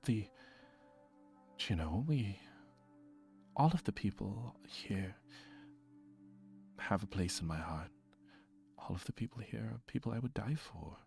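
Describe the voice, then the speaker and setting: A man voicing a gentle, caring woman who speaks softly and tenderly. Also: on the low side, sing-song, measured pace, creaky, faint music behind, heavily acted. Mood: worried. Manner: soft, hushed, tender. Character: gentle, caring woman guardian, soft-spoken.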